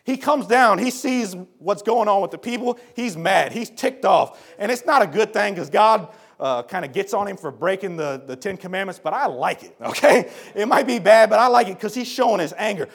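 A man preaching a sermon in an earnest, folksy way, calling his listeners folks and turning from low explanation to shouted appeals. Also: lively intonation, normal speed, creaky, few pauses, husky.

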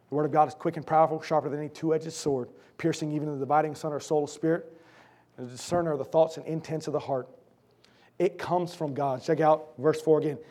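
Here a middle-aged preacher delivers his sermon despite a sore throat. Calling out to his congregation with fervor and emphasis, he shifts back and forth from shouting to quiet, intense asides.

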